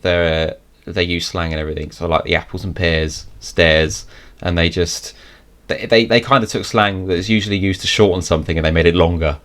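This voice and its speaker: Low-voiced chatty British man hosting. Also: steady tone, a little fast, fairly bright tone. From United Kingdom. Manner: chatty, rambling, explains slang with lots of fillers. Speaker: podcast host. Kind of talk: casual chat.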